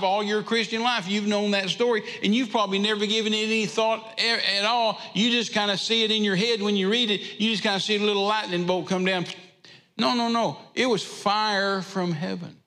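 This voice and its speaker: A man's voice: sits high, steady tone, moderate pace, bright, forceful tone. A man preaching a sermon, telling a Bible story in a folksy way. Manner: folksy storytelling with drawled asides. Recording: echoey hall reverb.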